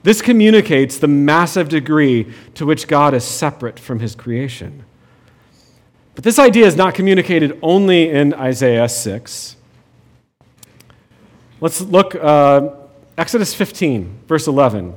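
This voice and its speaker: A man's voice: a little high, very animated, measured pace. A man preaching a sermon in a conversational way, with frequent restarts and light humor. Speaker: pastor.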